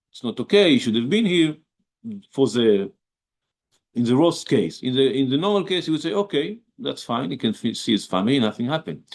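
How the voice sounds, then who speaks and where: Rabbi teaching, halting English. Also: male voice, on the high side. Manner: halting, with many restarts and fillers, reads verses aloud. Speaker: rabbi teaching a Bible class. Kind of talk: informal Bible lesson.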